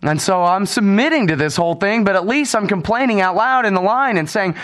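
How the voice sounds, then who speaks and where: An American man alone at the mic of his radio show, ranting with sarcasm and open contempt. His voice sits a little higher than most men's. He swears freely and gets loud when he is indignant. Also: fairly quick, few pauses. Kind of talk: solo radio monologue rant.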